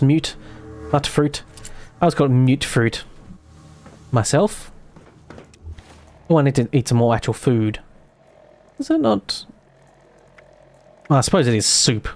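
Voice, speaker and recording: A man streaming a video game, thinking aloud in casual, self-mocking commentary. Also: mid-range voice.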